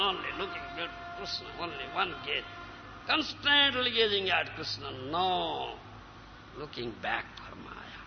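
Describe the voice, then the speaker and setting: A man preaches in an emphatic, questioning way, his voice high and gravelly. The recording is dull and lo-fi, carrying a long hall reverb with faint ambience behind. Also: very animated, moderate pace. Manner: emphatic, rhetorical questions to listeners, breaks into chanting. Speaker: spiritual teacher. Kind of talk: devotional lecture with sung verses.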